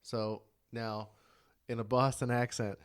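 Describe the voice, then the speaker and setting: A man's voice: mid-range voice, flat delivery, slow, smooth. A young man co-hosting a podcast in casual chat, swearing freely, laughing often and trying out regional accents. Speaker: podcast co-host.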